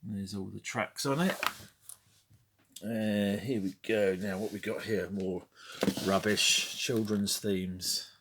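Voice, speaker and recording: Middle-aged man, low-ish voice, very slow delivery, wry and rambling with muttered asides, faint hiss behind. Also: fairly even intonation. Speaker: collector showing his record collection. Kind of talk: casual chat.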